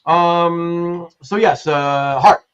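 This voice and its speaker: A man's voice: fairly high pitch, drawn-out words, clear, resonant tone. A man hosting a casual livestream, chatting and reading viewers' messages aloud with frequent laughs. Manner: chatty, laughs often, reads chat aloud. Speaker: livestream host. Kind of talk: casual live-stream chat. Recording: muffled lo-fi stream audio.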